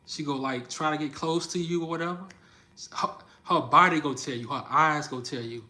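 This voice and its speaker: Bright-voiced Southern man chatting on livestream. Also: on the high side, brisk. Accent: New Orleans Southern. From New Orleans. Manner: laughing often, animated storytelling. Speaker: livestream host. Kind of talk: casual livestream chat reading comments.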